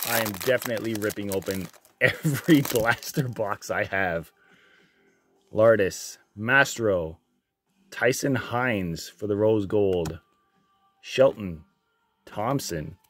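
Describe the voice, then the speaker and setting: A man opening trading card packs on his channel, reading out each card and getting loudly excited and swearing at the big pulls. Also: lowish voice, slow, a little hiss or hum. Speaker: card breaker. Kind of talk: casual card-opening vlog.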